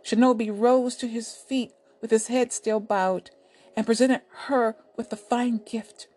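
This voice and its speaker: A woman narrating a folk tale in a soft, deliberate storytelling manner. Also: a little high, fairly even intonation.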